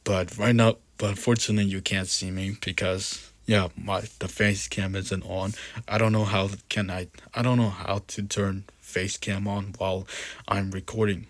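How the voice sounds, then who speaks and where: Low-voiced man reading a scary story. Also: no room sound. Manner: frequent restarts and self-corrections. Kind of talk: reading a horror story aloud with casual asides.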